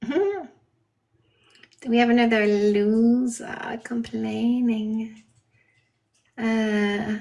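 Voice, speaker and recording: A woman's voice: on the high side, extremely slow, vocal fry, pauses often. A woman dating coach from Canada, chatting casually on a livestream from her backyard garden and bluntly mocking trolls. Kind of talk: casual live-stream chat. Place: outdoors in a backyard garden with a patio.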